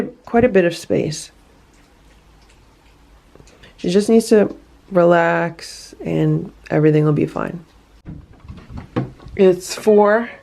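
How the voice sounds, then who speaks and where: A woman's voice: low-pitched, gravelly, darkish tone. A woman filming a casual vlog at home, talking soothingly to a rescued cat and explaining her care in a coaxing, sing-song way.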